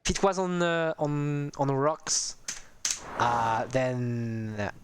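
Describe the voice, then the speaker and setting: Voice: medium pitch, slow, a little hiss or hum. A streamer giving casual, rambling commentary on a strategy game, talking to viewers with many hesitations.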